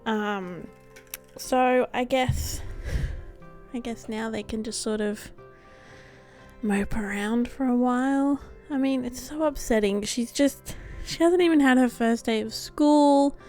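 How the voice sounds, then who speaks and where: A woman's voice: a little high, takes it slowly, dark tone. A woman hosting a let's play, giving chatty, giggly commentary on her game. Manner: chatty, giggly, self-deprecating. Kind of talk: casual gameplay commentary. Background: faint background music.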